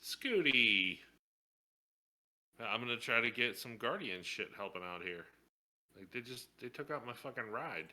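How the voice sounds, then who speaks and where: A man's voice: medium pitch, normal speed, pushed and bright. A man playing a tabletop game, making crude, brash jokes. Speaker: player. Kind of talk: casual tabletop role-play.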